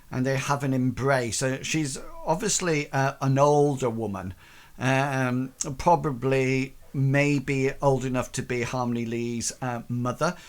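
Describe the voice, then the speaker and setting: Game master, tabletop narration, hesitant, filler-heavy, middle pitch.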